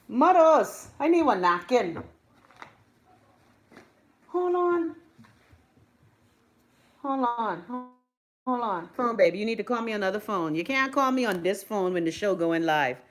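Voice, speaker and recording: A young Bahamian woman hosting a live stream, chatting loudly to her viewers, gossipy and swearing freely. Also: mid-range voice. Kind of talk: casual live-stream chat.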